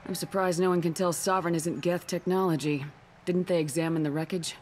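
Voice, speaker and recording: A woman's voice: lowish voice, fairly even intonation, brisk, a little hiss or hum, natural voice. An actress voicing a resolute female starship commander in a video game, speaking directly and evenly. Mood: level.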